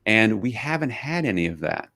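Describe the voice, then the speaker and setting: A man's voice: fairly low pitch, sing-song, normal speed, sharp tone. A middle-aged man, an author as interview guest, telling reflective stories with quoted dialogue. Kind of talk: interview conversation.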